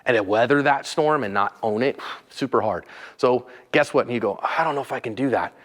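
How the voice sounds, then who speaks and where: A man hosting a casual instructional talk, earnest and emphatic, dropping low and quiet when he describes staying calm. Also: a little fast, long reverb tail. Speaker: host.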